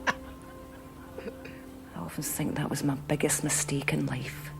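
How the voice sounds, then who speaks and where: A woman's voice: low voice, fairly even intonation, slow pace, gravelly, music in the background, exaggerated voice. An actress playing a rueful middle-aged woman in a TV sitcom, speaking wistfully. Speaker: Ella. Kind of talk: TV sitcom acting.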